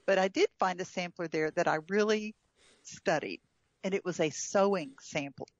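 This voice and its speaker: A chatty woman tells a story in an easygoing conversation, full of fillers and little laughs. Her voice sits on the low side, and the call audio sounds dry, close and a little dull. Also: moderate pace, no room sound. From United States. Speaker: guest. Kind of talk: casual chat.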